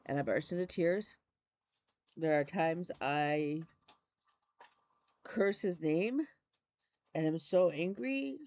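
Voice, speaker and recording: Speaking low and slow with long pauses, a middle-aged Michigan woman hosts a stitching video in a slightly mellow voice. The recording is muffled but echo-free. Chatty and effusive, she repeats "love me a" as a flosstube host making casual conversation.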